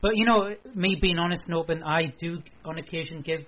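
A male radio co-host speaking candidly in casual chat and sometimes clearing his throat. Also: fairly high pitch, steady tone, brisk. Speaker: podcast co-host. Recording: lo-fi radio broadcast with faint hiss.

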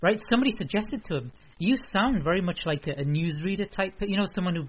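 Quick, husky-voiced man, hesitant guest on a talk show, dull lo-fi sound. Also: sits high, expressive. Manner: hesitant, trails off mid-sentence. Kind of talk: casual chat. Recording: dull lo-fi recording.

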